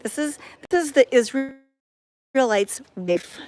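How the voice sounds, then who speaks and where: A woman's voice: high-pitched, expressive, slow, a little mellow. A woman vlogging on a phone camera outdoors at a cat sanctuary, chatting in a bubbly, enthusiastic way. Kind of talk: casual walking vlog. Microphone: handheld phone camera.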